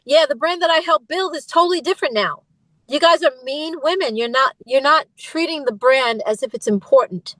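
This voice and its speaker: Emphatic, aggrieved woman in her fifties, interview guest, high voice, dry close sound. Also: fairly quick, pushed and bright, no echo, poor audio. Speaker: interview guest, former group singer. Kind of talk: candid interview.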